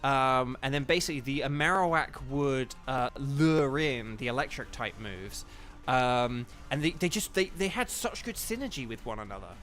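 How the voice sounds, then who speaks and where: A man, a voice actor, giving casual live commentary while streaming a game, chatty with lots of ums and sudden excited bursts. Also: medium pitch, moderate pace, faint music behind.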